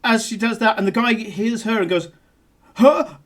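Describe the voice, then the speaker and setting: A game master narrates a tabletop game in a playful, chatty way, at an ordinary middle pitch with a fairly bright tone. The delivery is brisk and often speeds up mid-scene, with laughter and frequent fillers throughout.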